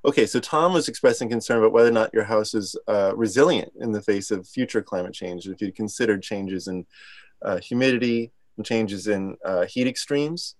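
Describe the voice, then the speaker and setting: A man's voice: lowish voice, fairly quick, no room sound. A man moderating a webinar over a video call, apologetic and friendly as he reads out audience questions. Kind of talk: hosting a webinar Q&A.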